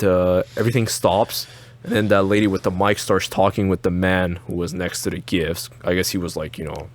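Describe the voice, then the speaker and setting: A man co-hosting a podcast in casual chat, telling an animated story with acted-out quotes and frequent laughs. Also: lowish voice. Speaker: podcast co-host.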